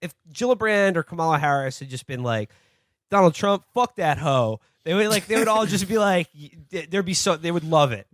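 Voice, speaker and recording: A man's voice: a little high, animated, fast talker, few pauses, a bit bright, no echo, studio quality. A man co-hosting a podcast, chatting casually about politics in a profane, rambling way full of fillers. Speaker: podcast co-host.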